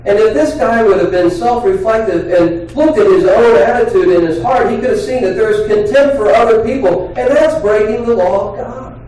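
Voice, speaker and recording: A man preaching a sermon as pastor, talking in an earnest, conversational way with pauses and restarts. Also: sits high, darkish tone, slight background noise. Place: church sanctuary. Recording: very echoey hall, voice from far off.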